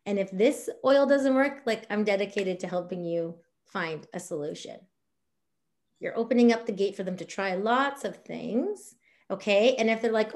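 A woman teaching a sales class, chatty and animated, acting out little dialogues as she explains. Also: medium pitch, normal speed. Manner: animated, acts out dialogue with big voices. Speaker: essential oil sales trainer.

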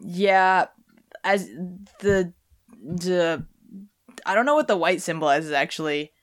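A woman's voice: on the low side, lively intonation, takes it slowly. A young woman hosting a casual chat podcast, rambling with lots of fillers and restarts. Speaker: podcast host.

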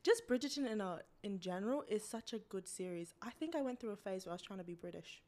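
A woman's voice: mid-range voice, expressive, quick pace, a little mellow. A young woman co-hosting a casual podcast, giggly and teasing as she chats. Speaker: podcast co-host. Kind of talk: casual chat.

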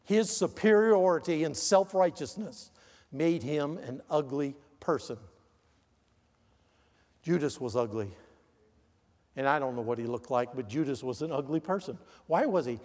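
An older man preaching a sermon as pastor, emphatic, with loud stressed words and quiet low asides. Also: unhurried, pauses often, long reverb tail. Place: church sanctuary.

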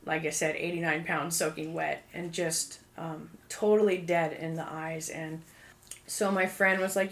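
A young woman with a lowish voice speaks at a measured pace, casually sharing her personal testimony as a guest. Her storytelling is full of fillers like "um" and "like," and she animatedly acts out quotes.

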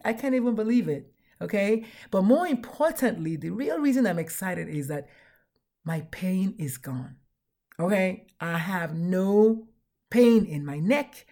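Woman host, casual live chat, enthusiastic, warm mellow voice. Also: medium pitch. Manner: bubbly, repetitive, enthusiastic. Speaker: podcast host.

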